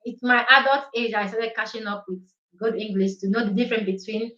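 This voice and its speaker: This is a Nigerian woman, an Igbo speaker, hosting a casual live chat from home. Her voice sits a little high, and she drifts between English, Pidgin and a bit of Italian as she talks. The sound is roomy and slightly dull, like a live stream. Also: steady tone, fairly quick, sharp tone.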